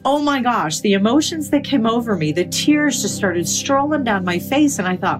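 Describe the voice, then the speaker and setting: A woman's voice: fairly high pitch, lively intonation, normal speed, over music. A middle-aged woman telling a vivid, emotional personal story in an interview.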